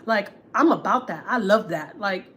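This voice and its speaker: With a medium-pitched, fairly bright voice and lively intonation, this Houston, Texas woman talks at normal speed. She's a family vlogger venting on a casual livestream, blunt and profane, saying things twice for emphasis, with a little hiss or hum present.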